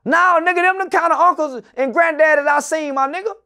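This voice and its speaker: This is a high-pitched man in his forties, a guest in an interview who tells stories with loud, profane emphasis. He often breaks into shouts, then drops to low, muttered asides. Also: a little fast. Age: 40s. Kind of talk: animated storytelling in an interview.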